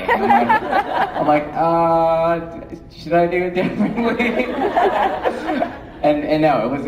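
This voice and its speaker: A young man, an actor on a convention panel, telling an excitable story about his first week on set. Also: medium pitch, distant mic, very noisy. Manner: animated storytelling with laughs. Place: large convention hall. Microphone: handheld mic. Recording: echoey hall, mic from afar.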